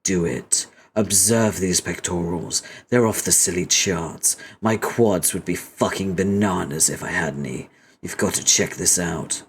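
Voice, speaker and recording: A man's voice: low-pitched, measured pace, a little hiss or hum. A man voicing a crude, pushy male robot who brags nonstop about his muscles. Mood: boastful pushy. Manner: insistent, crude bragging.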